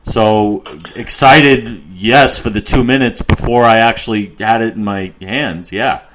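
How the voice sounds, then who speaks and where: A middle-aged man rambles through anecdotes in a lowish voice on a casual music podcast. He restarts his sentences often. A faint hiss sits under the recording. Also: a little slow, fairly bright tone, poor audio. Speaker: podcast co-host.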